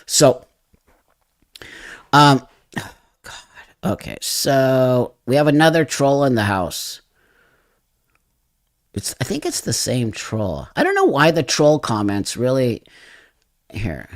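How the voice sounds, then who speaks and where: A man's voice: medium pitch, wildly swooping pitch, slow pace, pauses often. A man chatting on a phone livestream in a blunt, emphatic way, speaking straight to his viewers. His voice sounds froggy and a little like helium. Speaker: livestream host. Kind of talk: casual livestream chat, answering viewer comments.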